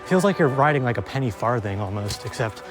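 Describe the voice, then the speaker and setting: A young man talks to an action camera as he rides a mountain bike through forest trails, panting and tossing off casual swears. His voice sits at an ordinary middle pitch, and the commentary stays loose and self-mocking. Music plays clearly underneath him. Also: animated, fairly quick. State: out of breath. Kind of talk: casual narration while riding.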